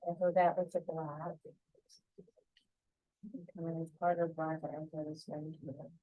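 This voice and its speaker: A woman teaching a painting tutorial, talking calmly and gently through each brushstroke. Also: deep voice, a little slow, no echo, narrow, tinny audio. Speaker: painting instructor.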